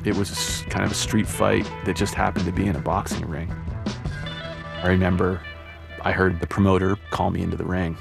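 A man with a very low, gravelly voice narrating a personal story. He talks in a relaxed, conversational way, and clear music plays under his words. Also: a little fast.

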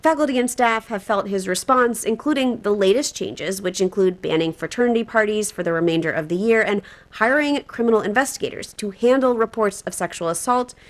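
A woman reporting a news story for public radio in a measured, scripted delivery. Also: mid-range voice.

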